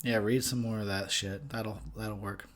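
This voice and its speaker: This drunken movie commentary comes from a tipsy male host who rambles, curses, and keeps laughing at himself. He speaks at a normal speed in a lowish voice with fairly even intonation.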